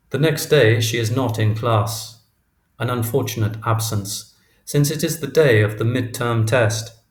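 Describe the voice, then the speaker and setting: A man narrating a literary audiobook in a measured, even reading. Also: mid-range voice. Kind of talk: scripted narration. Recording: roomy echo.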